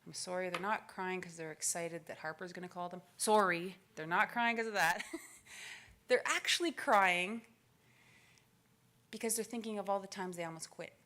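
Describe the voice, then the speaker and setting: A woman in her forties giving a motivational keynote speech, telling stories with lively acted-out quotes. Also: on the low side, normal speed. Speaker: keynote speaker. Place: conference stage.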